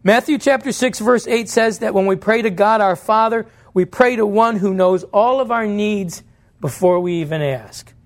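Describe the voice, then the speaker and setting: A pastor preaching a sermon in church, earnest and direct, posing questions to the congregation and answering them himself. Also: male voice, sits high, normal speed.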